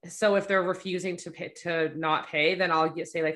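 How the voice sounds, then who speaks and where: A woman photographer with a slightly low voice, talking casually and bluntly. She jokes about herself as a smart aleck and acts out little exchanges with friends. Her tone stays chatty and frank. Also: steady tone, moderate pace, fairly bright tone. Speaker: photographer and podcast host. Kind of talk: casual podcast chat.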